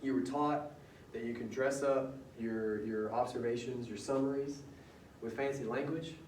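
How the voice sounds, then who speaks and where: A man's voice: medium pitch, fairly even intonation, normal speed, a little mellow, a little hiss or hum. Male teacher lecturing in a roomy classroom. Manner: conversational, quizzes students with questions. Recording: roomy classroom audio from far off.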